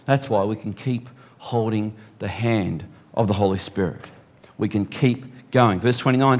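Male preacher, sermon, slow deliberate scripture reading, joking asides. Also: on the low side.

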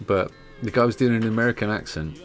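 A man's voice: fairly low pitch, steady tone, fast, faint music behind. A man hosting a podcast, chatting casually with dry, self-mocking humour and frequent laughter. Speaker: podcast host.

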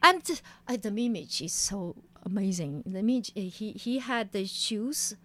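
A woman's voice: mid-range voice, measured pace. A woman, recounting her past as an interview guest and acting out voices as she goes. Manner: animated, acts out quotes in a raised voice. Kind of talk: personal storytelling in an interview.

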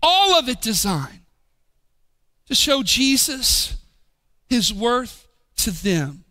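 A man preaching a sermon as pastor, swinging from shouted emphasis to low, quiet drops. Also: big pitch swings, slow pace. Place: church.

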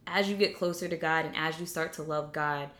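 A woman's voice: deep voice, fairly even intonation, fairly quick, fairly bright tone. A young woman talking casually and reflectively about faith, with many fillers and restarts.

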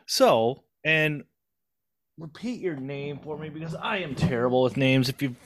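A man's voice: fairly high pitch, lively intonation, a little slow. A man in his forties, hosting a casual podcast, rambling and self-deprecating and swearing casually. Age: 40s. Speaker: podcast host.

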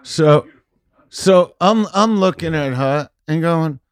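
A man's voice: fairly high pitch, takes it slowly, no room sound, clean studio sound. Profane, rambling man telling stories. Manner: profane, rambling, full of "you know"; animated, often shouting punchlines. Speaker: podcast guest. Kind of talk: casual storytelling chat.

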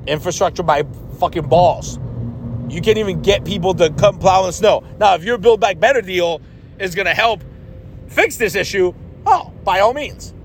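A man's voice: high voice, moderate pace, slight background noise. A man hosting a podcast, delivering a blunt, profane, exasperated rant. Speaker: podcast host. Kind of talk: ranting podcast monologue.

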